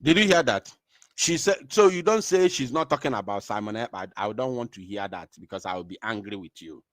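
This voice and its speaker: A man's voice: on the low side, animated, brisk, fairly bright tone, dry recording. Fired-up guy ranting, voice jumps all over, dry close sound. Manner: fiery, emphatic, mixes Igbo and English. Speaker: political commentator. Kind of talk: impassioned commentary.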